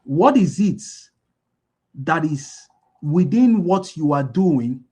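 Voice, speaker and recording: A man's voice: on the high side, expressive, slow, dark tone, slightly rough. A man giving a motivational business talk, repeating key lines and asking his listeners to fill in the answers. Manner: asks the audience call-and-response questions. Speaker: business speaker.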